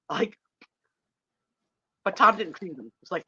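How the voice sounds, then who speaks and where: Lively bright-voiced woman telling stories. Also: medium pitch, normal speed, long pauses, husky. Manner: animated, acts out voices in her stories. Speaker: live-stream co-host. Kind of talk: casual storytelling chat. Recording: dull lo-fi stream audio.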